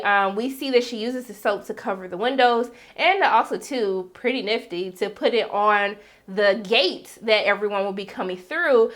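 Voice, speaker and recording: A woman giving a casual recap of a TV episode in a lively, slangy way, acting out the scenes as she goes. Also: medium pitch. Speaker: TV show reviewer.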